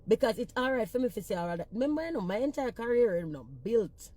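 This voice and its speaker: Jamaican patois woman ranting to her followers, swears a lot, fiery and blunt, mellow tone. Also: fairly high pitch, animated, fast talker. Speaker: reggae singer-songwriter. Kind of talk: casual social media rant.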